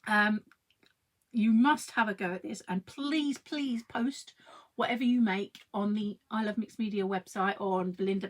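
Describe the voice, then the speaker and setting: A woman in her thirties, with a medium-pitched voice that has a breathy edge, demonstrates a craft project live. She chats in a friendly way with her viewers and reads out their comments.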